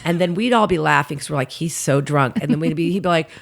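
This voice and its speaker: Animated woman telling comic work stories. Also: low-pitched, fast, creaky. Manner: animated storyteller, laughs mid-sentence, acts out quoted people; frequent "like" fillers. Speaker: comedian guest. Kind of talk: casual podcast storytelling.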